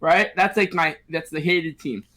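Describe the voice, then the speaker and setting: A man co-hosting a sports podcast, excitable and laughing often, repeating words for emphasis. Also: on the high side, a little slow. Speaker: podcast co-host. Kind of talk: casual sports chat.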